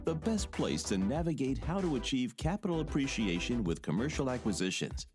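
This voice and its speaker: A man's voice: mid-range voice, very animated, a little fast. A man reading a scripted show introduction in a promotional, announcing manner. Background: music.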